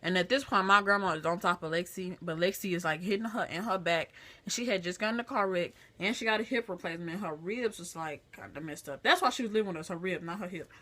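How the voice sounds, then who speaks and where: A woman vlogger chatting to a phone camera, retelling a family story in a lively, chatty way. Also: on the low side, quick pace.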